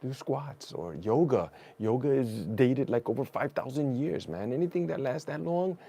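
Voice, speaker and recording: A man talking as a guest in a casual conversation, animated and storytelling, offering spiritual encouragement. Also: mid-range voice, moderate pace, creaky, breathy edge.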